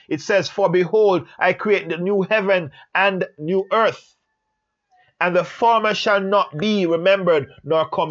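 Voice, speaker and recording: A man teaching a Bible study lesson on a Hebrew letter, speaking slowly and emphatically and repeating phrases for stress. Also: high voice, fairly bright tone, highs cut off.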